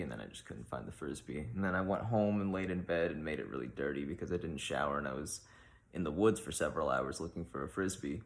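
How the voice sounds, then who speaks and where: A man doing a deadpan comedic monologue as host of a mock advice show, rambling and awkward, with many ums and likes. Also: low voice.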